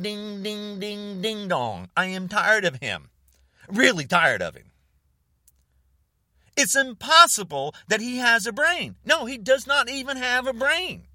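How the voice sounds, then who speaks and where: A man's voice: sits high, bright, forceful tone, no room sound, clean studio sound, distant mic. An older American man delivering an angry, repetitive rant straight to camera, hammering short phrases and insults. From United States. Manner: furious, repetitive, name-calling, jabbing phrases. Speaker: online video host.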